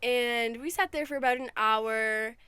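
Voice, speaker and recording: A young college woman tells a long, animated story on a casual podcast, peppering it with "like." Her fairly high voice is clear and resonant, and she keeps a measured pace. There is no room sound.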